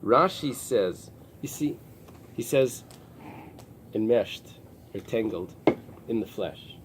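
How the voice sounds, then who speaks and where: A man teaching a Talmud class, pausing and restarting often as he explains the text. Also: fairly low pitch, animated, background noise. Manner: explains in halting restarts with many fillers. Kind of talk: early-morning Talmud class. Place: synagogue study room with a small group.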